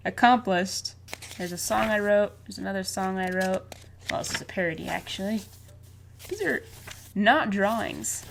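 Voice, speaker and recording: Young woman, twenties, casual vlog chat, playful, chatty, quick asides. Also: medium pitch. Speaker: vlogger and artist.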